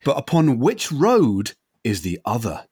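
A man's voice: mid-range voice, huge pitch swings, a little slow, a crowd in the background. A man hosting a casual podcast chat and quiz, laughing often and stumbling over his words. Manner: laughs a lot, stumbles and restarts. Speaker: podcast host.

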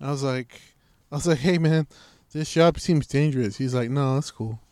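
A man's voice: mid-range voice, moderate pace, a little mellow, no room sound. Laid-back man telling a story. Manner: laid-back storytelling, swears a lot, acts out voices. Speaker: podcast co-host. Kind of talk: casual chat.

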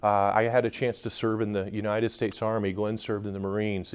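A man's voice: fairly low pitch, fairly even intonation, moderate pace, clean tone. A man speaking at a conference in front of a live audience, joking and bantering with the people in the room.

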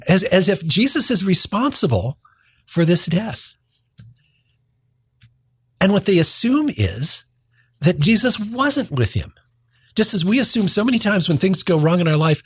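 A man's voice: high voice, very animated, measured pace, pauses often, slightly rough, dry recording. A man reading a gospel passage aloud, then preaching a homily in an earnest tone, often restarting his phrases.

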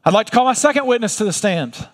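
Brief: a male preacher doing a formal, earnest lawyer-apostle, higher voice, hall echo. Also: lively intonation, fast talker. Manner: formal courtroom questioning. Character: apostle as earnest courtroom attorney, older man. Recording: long reverb of a large hall.

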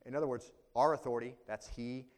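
Animated, conversational male preacher. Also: medium pitch, fast talker. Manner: conversational, with frequent check-ins to the congregation; animated, swinging between loud emphasis and quiet asides. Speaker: pastor. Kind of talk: expository sermon.

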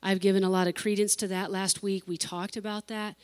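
A woman's voice: mid-range voice, little pitch movement, fairly quick. A woman pastor preaching an emotional sermon, repeating phrases for emphasis and laughing between lines.

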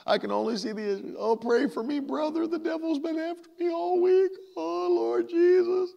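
A preacher mocking a wailing self-pitying churchgoer. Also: male voice, very high voice, steady tone, gravelly, highs cut off, voice pushed up, full character voice. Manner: wailing, whiny, drawn-out pleading. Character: moaning self-pitying adult churchgoer, always in crisis. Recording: long reverb.

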